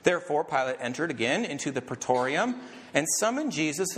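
A man preaching a sermon as a pastor, talking conversationally with rambling asides and getting excited as he goes. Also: a little high, normal speed, big-room sound.

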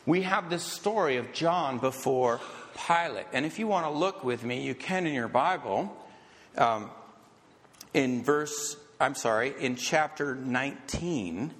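A man preaching a sermon as a pastor, talking conversationally with rambling asides and getting excited as he goes. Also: mid-range voice, a little slow, long reverb tail.

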